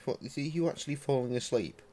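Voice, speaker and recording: A man's voice: medium pitch, expressive, fast talker, warm tone. A man chatting and swearing casually while streaming a game and tending to his dogs. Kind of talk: casual live-stream commentary.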